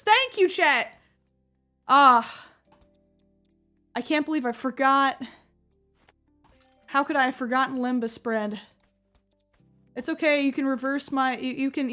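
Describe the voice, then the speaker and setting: A young woman streamer with a high voice, chatting to her viewers as she plays and breaking into excited outbursts. Faint music plays quietly underneath her talk. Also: takes it slowly, pauses often. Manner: chatty, excitable, swears casually, gets loud when surprised. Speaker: gaming streamer. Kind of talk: casual live-stream commentary.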